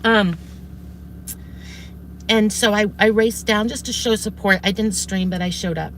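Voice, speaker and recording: Her mid-range, slightly bright voice is unhurried and fairly even in intonation, with a little hiss or hum in the recording. A woman streamer, she rambles through a long story for her viewers, using many fillers and restarts and swearing when heated.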